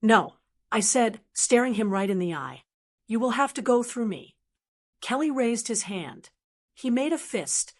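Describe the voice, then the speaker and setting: A woman reading a first-person story aloud in a tense, dramatic narrating manner. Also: medium pitch.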